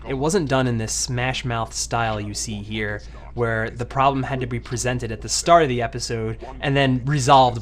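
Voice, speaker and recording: A man giving casual commentary over his own old anime videos, rambling, with many fillers and restarts. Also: medium pitch.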